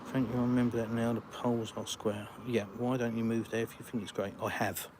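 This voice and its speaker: Over a noisy outdoor backdrop in a village, an English-accented man from the UK hosts a live stream, giving blunt, sarcastically dry answers to chat questions. His medium-pitched voice moves briskly with little pitch variation.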